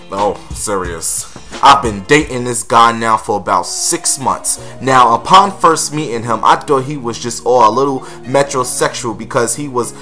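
Sassy gossiping man, bright voice. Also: medium pitch. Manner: sassy, blunt, gossipy, calls viewers honey and girl. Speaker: gossip vlog host. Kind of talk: casual gossip vlog.

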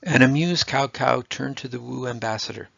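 A man with a gravelly, husky voice reading a children's story aloud in a steady, expressive way. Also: mid-range voice, moderate pace, no echo. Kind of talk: scripted storybook narration. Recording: dull lo-fi dry recording.

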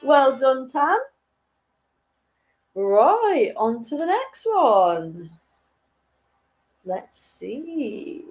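A woman's voice: sits high, very animated, very slow, long pauses, darkish tone, low-quality recording. Giggly young woman hosting a quiz. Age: 20s. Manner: giggly, chatty, self-deprecating. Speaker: quiz host.

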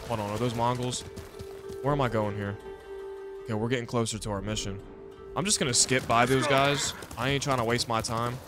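A young man talks his way through a video game, reacting out loud and using a lot of casual slang. His pitch sits in the middle for a man. Loud game music plays behind him. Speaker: gamer. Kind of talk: let's play commentary.

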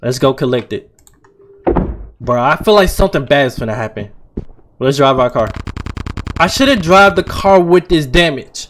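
A young man, playing a horror game and talking his viewers through it, switching between low muttering and loud frightened shouts. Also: lively intonation, moderate pace, pauses often, a little hiss or hum. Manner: swings from low mumbling to loud panicked shouts, reads on-screen text aloud. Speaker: gaming channel host. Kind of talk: horror game let's play commentary.

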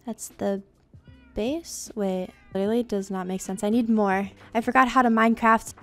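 A young woman talking casually over her Minecraft gameplay, chatty and self-deprecating, with soft music playing behind her. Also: medium pitch, steady tone, normal speed. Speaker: Minecraft YouTuber.

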